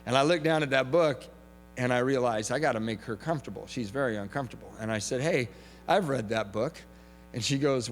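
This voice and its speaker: A man giving a talk at a recovery meeting, telling a story with lively comic timing and shouting some punchlines. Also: mid-range voice, fairly quick, soft background music. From from Southern California. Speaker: AA speaker. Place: large hall with audience. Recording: reverberant hall recording with faint hum.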